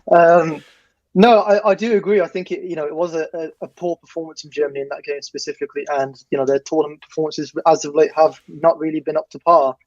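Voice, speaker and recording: A man hosting a casual football chat, talking in a measured, slightly hesitant way. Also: fairly high pitch, darkish tone, no room sound. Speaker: show host. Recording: dull, dry lo-fi sound.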